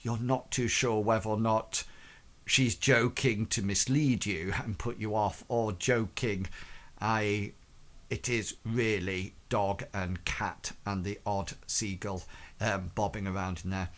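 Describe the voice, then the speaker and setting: A man narrating a tabletop game as game master, in a hesitant way with many pauses and fillers. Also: fairly low pitch, fairly even intonation, a bit bright.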